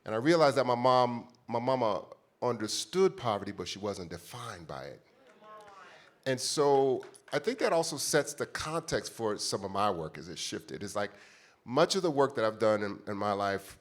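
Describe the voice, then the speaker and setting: A man in his fifties from the United States tells a personal story from a conference stage. His voice sits low, and his delivery is heartfelt and conversational. He speaks straight to the crowd in front of him. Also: very animated, normal speed. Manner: heartfelt, conversational, addresses the audience directly. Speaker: panelist.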